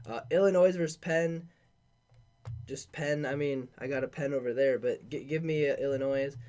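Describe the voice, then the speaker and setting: A man's voice: medium pitch, normal speed, a little mellow. A man hosting a sports podcast, casually talking through bracket picks in an offhand, filler-heavy way as he thinks aloud.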